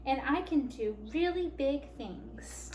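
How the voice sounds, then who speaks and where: A woman voicing a tiny, wise flea who gently encourages a friend. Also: sits high, animated, slow, a little hiss or hum. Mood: encouraging. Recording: echoey room.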